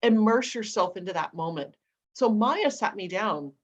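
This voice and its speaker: A woman guest on a video call, telling animated, persuasive stories as an entrepreneur. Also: mid-range voice, normal speed, highs cut off. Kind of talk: interview storytelling.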